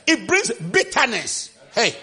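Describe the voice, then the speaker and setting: A man preaching a sermon with passion, shouting refrains and acting out the scripture quotes. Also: wildly swooping pitch, slow pace, husky. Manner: acts out quotes with sudden pitch jumps.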